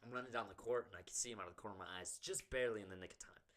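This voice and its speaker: A man's voice: on the low side, rapid-fire, fairly bright tone. A young man co-hosting a podcast, telling a crude, jokey story in casual chat. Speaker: podcast co-host.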